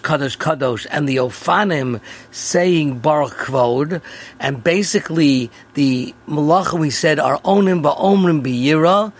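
A man hosting a daily prayer lesson, explaining terms in a relaxed teaching manner. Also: on the high side, husky. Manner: explanatory, sprinkled with Hebrew and Yiddish terms. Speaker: host.

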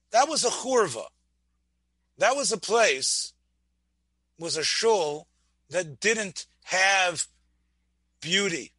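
A man's voice: sits high, bright, forceful tone, no echo. A man giving a Torah class, asking his listeners questions and often restarting his words. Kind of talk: Torah lecture.

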